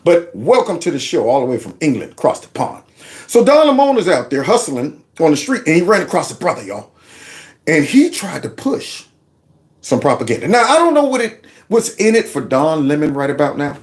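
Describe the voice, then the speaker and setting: A man's voice: a little high, sing-song, fairly quick. A man hosting a casual political commentary show, folksy and mocking, with lots of asides. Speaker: show host.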